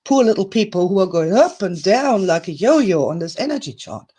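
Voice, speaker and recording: A woman's voice: medium pitch, sing-song, moderate pace, warm tone, husky. A woman teaching a self-help lesson in a chatty, playful, emphatic way. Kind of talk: recorded video lesson.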